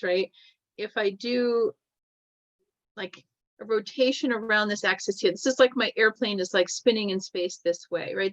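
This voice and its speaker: A woman teaches a classroom lecture in a middle-pitched voice, walking through each point as she draws and pausing to ask "right?". The recording is dull and lo-fi, with a dry, close sound. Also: no room sound. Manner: explains while drawing, checks in with "right?" often.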